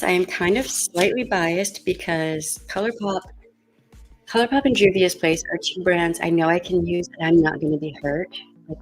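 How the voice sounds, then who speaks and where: A woman vlogger chatting casually while doing her makeup, thinking aloud with fillers and coughing now and then as she gets over a cold. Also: fairly low pitch. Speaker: beauty vlogger.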